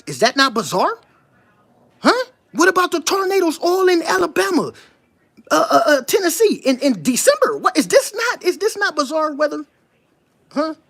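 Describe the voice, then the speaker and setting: Holding forth online in an unscripted, casual way, this commentator has a slightly bright voice with big pitch swings. He emphatically challenges listeners with repeated rhetorical questions, going high, then sinks low to read passages slowly and deliberately before adding comments.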